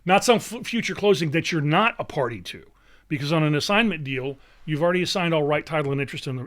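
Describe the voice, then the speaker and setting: Emphatic man coaching on a live webinar. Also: on the high side. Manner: emphatic, salesy, peppers lines with "okay?". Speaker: real estate investing coach.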